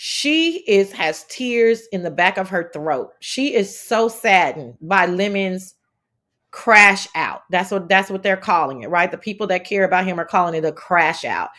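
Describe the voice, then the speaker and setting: A woman hosting a casual commentary livestream, telling stories in a sassy, profane, animated way. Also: on the low side, a little slow. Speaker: commentary host.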